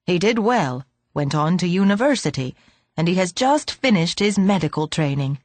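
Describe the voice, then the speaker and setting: A woman's voice: on the low side, lively intonation, normal speed, darkish tone, dry recording. A woman reading an audiobook, voicing a very old man who speaks dryly and fretfully. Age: older. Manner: dry, fretful.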